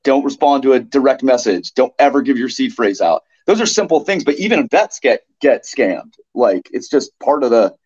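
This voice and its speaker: A man's voice: mid-range voice, normal speed, hardly any pauses, husky, highs cut off. A man speaking bluntly and with feeling in a casual podcast interview, often swearing, sounding fed up. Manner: blunt, animated, swears freely. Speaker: NFT project co-founder guest.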